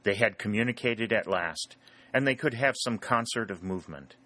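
Male audiobook narrator, measured, lowish pitch, bright forceful tone. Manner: even, measured storytelling. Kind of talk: scripted narration.

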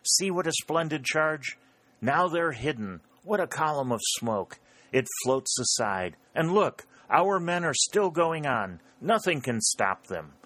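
A man voicing a steady male soldier who gives a brisk running commentary on a charge in a storybook. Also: fairly low pitch, no room sound. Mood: eager.

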